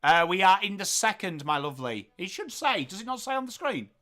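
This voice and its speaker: An English man hosting a live football watchalong, calling the play and joking with chat viewers in an excitable, playful way. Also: sits high, fairly quick. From England. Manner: excitable, jokey, bursts into loud calls of the play. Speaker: watchalong host.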